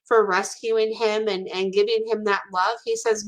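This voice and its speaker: A woman's voice: mid-range voice, flat delivery, moderate pace, hardly any pauses. Gushing woman animal communicator. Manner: gushing, relays pets' messages in quotes. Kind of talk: casual chat.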